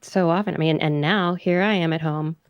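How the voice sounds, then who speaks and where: A woman's voice: low-pitched, a little fast, clean tone, no room sound. A woman co-hosting a science podcast from home in casual chat, chatty and full of fillers. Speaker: podcast co-host.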